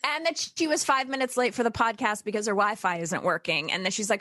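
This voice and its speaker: A woman co-hosting a podcast, chatty and animated in casual talk. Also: medium pitch, fast, hardly any pauses, dry recording, clean studio sound. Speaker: podcast co-host.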